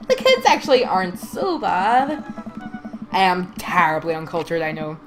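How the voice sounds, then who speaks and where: A woman's voice: lowish voice, sing-song, fairly bright tone, slight background noise. A woman streaming a game, reading its dialogue aloud and commenting, with a congested nose and frequent giggling. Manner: giggly, reads lines slowly, breaks into laughter. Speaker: let's play streamer.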